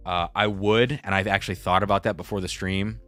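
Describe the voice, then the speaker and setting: A man's voice: low-pitched, fairly even intonation, fairly quick, fairly bright tone, no room sound, soft background music. A young man hosting a casual live stream, chatty and reading viewer comments aloud. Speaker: livestream host.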